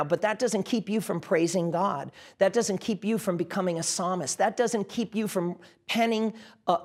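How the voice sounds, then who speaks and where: Middle-aged male pastor, sermon delivery, earnest and fervent, addresses the congregation directly. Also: high-pitched. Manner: impassioned, direct address, repeats phrases for emphasis.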